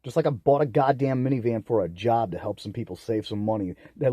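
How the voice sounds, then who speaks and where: A man's voice: medium pitch, animated, fast, hardly any pauses, breathy edge, no room sound. Bitter, swearing young man ranting. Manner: profane, bitter and ranting, with loud outbursts. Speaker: vlogger. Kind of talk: angry solo rant to camera.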